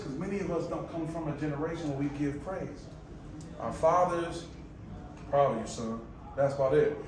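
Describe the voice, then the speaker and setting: A man in his forties giving a casual, animated conference presentation on sport psychology to a room of listeners. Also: a little high, slight background noise. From United States. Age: 40s. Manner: animated, conversational, quotes people in voices. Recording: echoey room, mic at a distance.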